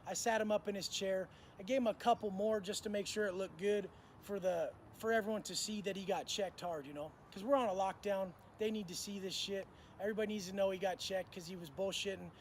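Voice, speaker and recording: A man's voice: high-pitched, fairly even intonation, a little fast, few pauses, a little hiss or hum. A man telling prison stories in casual, profane street slang, acting out what people said. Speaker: storyteller recounting prison life. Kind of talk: casual storytelling monologue.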